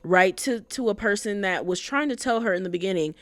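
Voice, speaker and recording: A woman's voice: mid-range voice, a little fast, a bit bright, dry recording. Young woman podcast host, casual and blunt, swears a bit, dry close sound. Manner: chatty, blunt, sprinkles in curses and "like, you know". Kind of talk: casual chat recapping a story.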